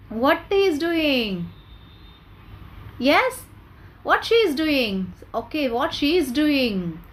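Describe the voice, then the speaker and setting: A woman teacher speaks to young pupils in a high, swooping voice. She takes her time, stretches out words and keeps asking the children questions. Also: fairly bright tone. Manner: slow and drawn-out, quizzing children with repeated questions. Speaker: school teacher. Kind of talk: classroom lesson.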